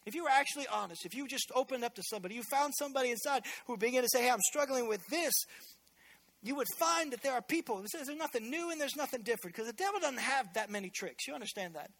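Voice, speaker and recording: A man preaching a sermon as pastor in a church, energetic and conversational, with joking asides. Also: very high voice, rapid-fire, hardly any pauses.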